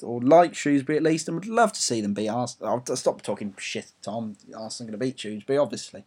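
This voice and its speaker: A man's voice: mid-range voice, lively intonation, fast talker, darkish tone, slightly rough. Young English man, home audio blog, rambling football rant, sweary and self-deprecating. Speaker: football fan blogger.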